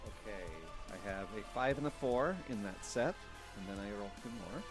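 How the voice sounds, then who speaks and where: A man's voice: lowish voice, normal speed, over music. A man playing in a live tabletop role-playing game, describing his character's actions casually. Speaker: player.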